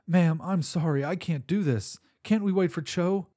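Male reader as panicked young cook turned pilot, high and urgent, husky edge. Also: moderate pace, mellow, no echo, studio quality. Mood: pleading. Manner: urgent, frightened reports.

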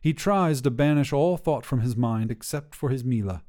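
A man narrating a short fiction podcast in a steady, scripted storytelling manner. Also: medium pitch, moderate pace.

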